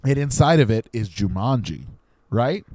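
A man's voice: mid-range voice, expressive, moderate pace, a little mellow, dry recording. Playful young man, dry close sound. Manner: playful storyteller, spins made-up plots. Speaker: podcast co-host. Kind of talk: casual comedic chat.

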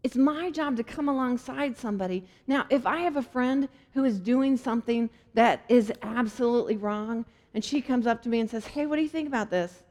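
A woman gives a sermon with a slightly high voice, talking in an earnest, chatty way and slipping in playful asides. Her voice rings out with a long reverb, as if in a big church hall. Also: normal speed, few pauses, a little mellow. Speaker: preacher.

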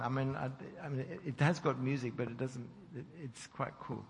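A preacher telling a story in a sermon, animated as he acts out the dialogue. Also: medium pitch, normal speed, vocal fry, hardly any pauses. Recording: reverberant hall with faint noise.

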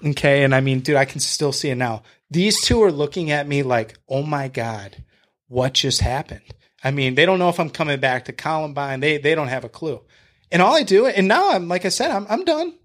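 Podcast guest, male, fairly high voice, swears freely, tells a story with many restarts. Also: expressive, fairly quick, fairly bright tone. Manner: blunt and profane, retelling a confrontation; talks to the host with fillers and restarts. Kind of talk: casual storytelling.

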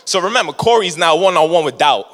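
A man preaching a sermon as a lively story, laughing often and acting out what people said. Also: a little high, fast talker. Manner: animated, laughing storyteller who acts out quotes. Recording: long hall reverb.

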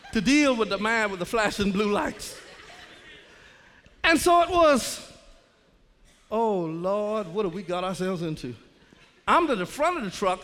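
A man's voice: high-pitched, slight background noise. A man, an assistant principal telling a funny, dramatic story in church, laughing as he goes. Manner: animated, laughing, dramatic retelling. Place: church sanctuary. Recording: echoey church hall.

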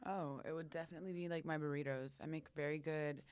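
Laid-back low-voiced woman. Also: fairly even intonation, fast, darkish tone, clean tone. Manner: laid-back, lots of "like" fillers. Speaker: podcast co-host. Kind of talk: casual chat.

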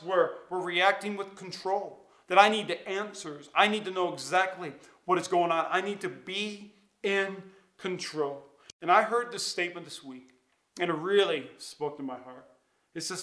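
A high, bright male voice delivers an earnest sermon, leaning hard on key words and letting pauses hang. The sound carries the echo of a large room around him. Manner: earnest, emphatic preaching with dramatic pauses. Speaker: pastor. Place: church, streamed online.

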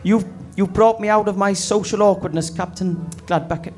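A man's voice: high-pitched, fairly even intonation, normal speed, darkish tone, faint music behind, lightly acted. A man playing a shy, socially awkward young trainee train driver in an improvised comedy. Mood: meek. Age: young adult. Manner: meek, eager, polite.

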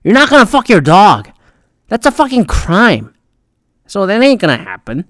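A man's voice: sits high, normal speed, no room sound. Man ranting profanely on his podcast. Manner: profane, rambling, animated. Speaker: podcast host. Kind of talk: profane solo rant.

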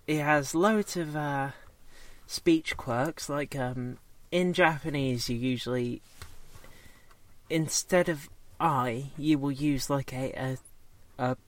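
A man talks slowly in a casual chat, stumbling through fillers and restarting his sentences. His voice sits at a middle pitch. The sound is dry and close, with no room echo. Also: fairly bright tone. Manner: rambling, hesitant, many fillers and restarts.

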